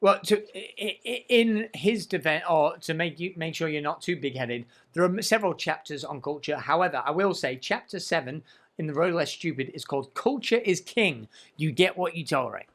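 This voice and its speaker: A man's voice: on the high side, animated, a little fast, fairly bright tone. A man hosting a podcast in a studio, talking in an emphatic, enthusiastic way. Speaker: podcast host. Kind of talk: casual podcast chat.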